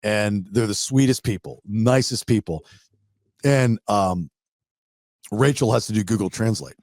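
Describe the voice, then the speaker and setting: A man's voice: lowish voice, a little slow, darkish tone, no echo, studio quality. A man hosting a podcast, telling stories in casual chat and rambling with many restarts. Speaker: podcast host.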